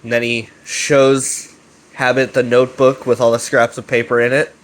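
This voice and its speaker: A man's voice: medium pitch, level tone, normal speed, low-quality recording. Profane, rambling male recapper. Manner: profane, filler-heavy, chummy. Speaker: channel host recapping a web series.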